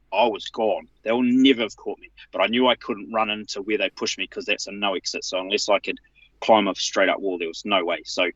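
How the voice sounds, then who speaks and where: A man, telling a personal account as a show guest in an emphatic, halting way, often restarting his sentences. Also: fairly bright tone, no room sound, highs cut off. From New Zealand. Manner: emphatic, halting with restarts, rising in pitch when retelling his protests.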